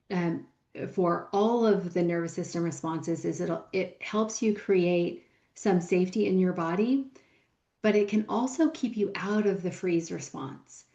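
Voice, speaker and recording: A woman co-hosting a podcast as a coach, explaining steadily in a gentle teaching tone. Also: medium pitch, echoey room, dull audio. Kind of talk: casual podcast conversation.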